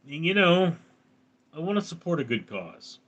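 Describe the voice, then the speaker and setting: A man's voice: fairly high pitch, very animated, measured pace, fairly bright tone, lo-fi sound. A man with a round, resonant voice, chatting casually on a live stream as he reads viewer comments aloud and answers them.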